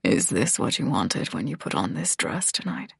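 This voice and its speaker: A woman voicing a domineering male mafia boss who speaks in low, slow, growled whispers. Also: big pitch swings, creaky, a bit bright, breathy edge, no echo, studio quality, exaggerated voice. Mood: growling commands.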